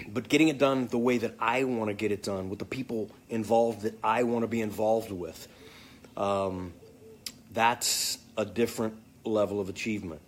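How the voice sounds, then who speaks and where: A man's voice: lowish voice, fairly even intonation, normal speed, slight background noise. A man casually answering fan comments, joking and swearing freely. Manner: joking, profane, off the cuff. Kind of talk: casual live chat.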